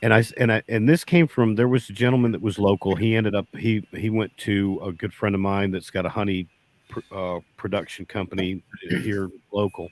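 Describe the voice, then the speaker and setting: A man's voice: on the low side, steady tone, a little fast. A man telling a folksy story as a beekeeper guest, often quoting himself with "I said". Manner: folksy, repeats "I said" in quoted dialogue. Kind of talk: casual storytelling.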